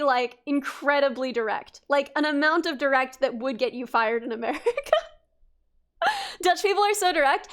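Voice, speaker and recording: Young woman streamer, high voice, loose rambling chat to viewers, lots of ums and self-restarts, laughs easily. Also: a bit bright. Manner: chatty and rambling, frequent restarts and fillers, laughs often. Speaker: livestreamer.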